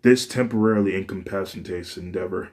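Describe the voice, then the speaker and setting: A man's voice: deep voice, brisk, darkish tone. A man narrating a fan fiction story in a plain, unpolished reading with frequent restarts.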